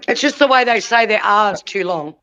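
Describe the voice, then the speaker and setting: A man chatting casually on a watch-along who chips in with quick questions. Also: high-pitched, animated, sharp tone, clear, resonant tone. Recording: dull lo-fi audio.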